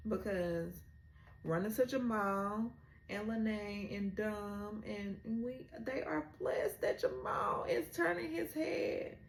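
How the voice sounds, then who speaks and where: Slow-talking emotional woman recapping a show. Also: medium pitch, reverberant. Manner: emotional, retelling scenes with rising exclamations. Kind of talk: casual episode recap.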